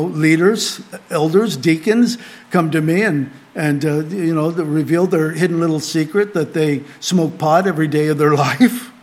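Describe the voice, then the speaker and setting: A middle-aged man, acting as pastor, preaches earnestly to a small group, rising to emphatic lines and dropping to quiet asides. His voice is a little high.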